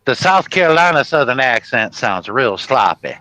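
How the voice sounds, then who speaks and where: A man from the Chicago area hosting a casual chat, rambling through stories with halting restarts. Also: mid-range voice, sing-song, crowd noise, low-quality recording. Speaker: host.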